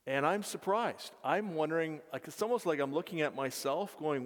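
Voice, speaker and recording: A man who leads mission work, telling his story to a congregation earnestly, with halting restarts. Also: on the high side. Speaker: mission leader. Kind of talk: testimony to a congregation. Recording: reverberant hall.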